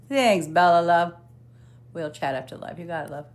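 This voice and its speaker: A woman's voice: lowish voice, expressive, brisk. Chatty woman reading cards on a live stream. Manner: chatty, swears casually, hums while scrolling. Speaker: psychic medium hosting a live stream.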